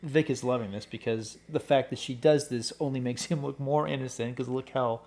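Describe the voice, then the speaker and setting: A man's voice: medium pitch, fairly even intonation, darkish tone. A man co-hosting a film podcast, chatting about a movie with wry enthusiasm. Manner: enthusiastic, wry, quick to laugh. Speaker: podcast co-host. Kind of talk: casual film-review chat.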